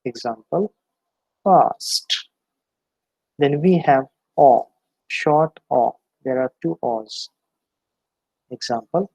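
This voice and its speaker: Guy teaching pronunciation, slow and careful, husky gravelly voice, dry close sound. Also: mid-range voice, darkish tone, no room sound, rough recording. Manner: slow, deliberate, repeats example words aloud. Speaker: English phonetics lecturer. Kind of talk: classroom lecture on pronunciation.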